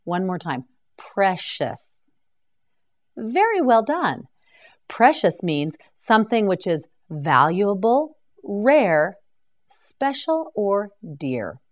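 A woman teaching English vocabulary as a slow scripted drill, pronouncing each word carefully for learners to repeat. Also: mid-range voice.

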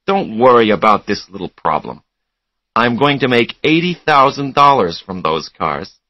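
A man reading a storybook, voicing a confident but bitter young businessman who talks quietly and curtly. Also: medium pitch, very animated, moderate pace, no room sound, lo-fi sound. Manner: quiet, curt.

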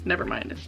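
The audio is poor, and the young woman's voice is extremely high-pitched and creaky. Filming herself at home on a camera on a stand, she makes a casual vlog reacting live to a book, gasping, shrieking and cursing without restraint.

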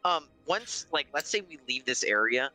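A man playing a tabletop game over a voice call, playful and quick to laugh, asking about spell rules. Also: a little high, sing-song, bright, forceful tone, soft background music, rough recording. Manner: playful, laughs easily, asks rule questions. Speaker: player.

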